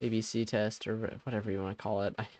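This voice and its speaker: A man's voice: lowish voice, little pitch movement, quick pace, darkish tone, a little hiss or hum. A young man hosting a live stream, chatting casually with viewers. He laughs often and trails off mid-sentence.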